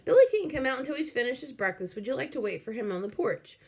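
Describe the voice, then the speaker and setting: A woman's voice: fairly high pitch, sing-song, fast talker, darkish tone, slightly rough, pitched above the performer's own voice, exaggerated voice. A woman reading aloud and voicing a proper, exasperated mother who scolds politely.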